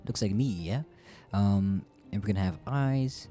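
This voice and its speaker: Low-voiced chatty male streamer. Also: unhurried, dark tone, faint music behind. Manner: chatty, rambling, self-deprecating. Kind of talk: casual gameplay commentary.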